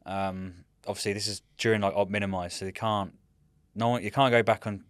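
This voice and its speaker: Guy in his 30s, rambly and animated, says mate a lot, lowish voice. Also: fairly quick, no echo, clean studio sound. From United Kingdom. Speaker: guest, military veteran. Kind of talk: casual storytelling chat.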